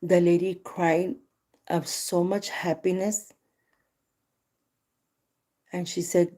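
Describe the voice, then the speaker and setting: A woman hosting a casual livestream, telling a personal story with animated retelling of dialogue and a few Spanish phrases. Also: lowish voice, slow, long pauses. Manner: animated retelling, voicing both sides of dialogue. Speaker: livestream host.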